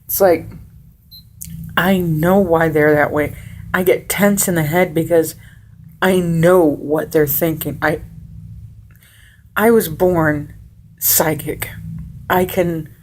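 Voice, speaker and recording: A woman's voice: low voice, steady tone, takes it slowly, long pauses, a little mellow, slight background noise. A woman in her forties talking casually to the camera, blunt and rambling, swearing freely. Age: 40s.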